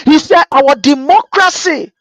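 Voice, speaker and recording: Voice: high-pitched, unhurried, fairly bright tone, no echo, poor audio. Activist, passionate rally-style address, dry close sound. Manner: fervent, repetitive rallying cries. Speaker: political activist addressing supporters abroad. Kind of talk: impassioned political address.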